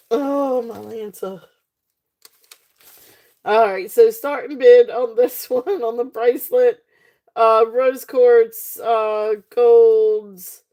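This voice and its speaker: A woman's voice: a little high, a little mellow, dull audio. A woman hosting a live jewelry sale stream, giggly and gushing at her viewers, rambling with lots of fillers. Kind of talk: casual live-stream selling chat.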